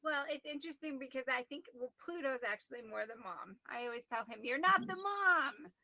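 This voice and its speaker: A woman on a video call telling a story in a chatty, animated way, acting out what people said. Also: high-pitched, fairly quick, no room sound. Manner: chatty, animated, quotes people in lively voices. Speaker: guest.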